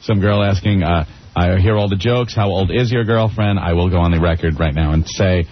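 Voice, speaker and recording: A man's voice: low voice, a little fast, a little hiss or hum. A man co-hosting a radio talk show, chatting crudely and laughing often. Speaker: radio co-host. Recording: lo-fi radio aircheck.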